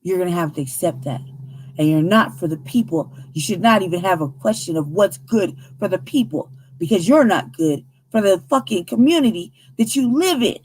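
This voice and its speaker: An American woman hosting a news commentary show, talking in a heated, emphatic, profane way with a husky voice. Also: medium pitch, expressive, moderate pace, few pauses, darkish tone. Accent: American English. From United States.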